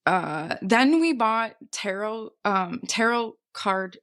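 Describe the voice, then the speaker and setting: A woman co-hosting a podcast, telling an animated, swear-laden story in casual chat and laughing often. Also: mid-range voice, takes it slowly. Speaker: podcast co-host.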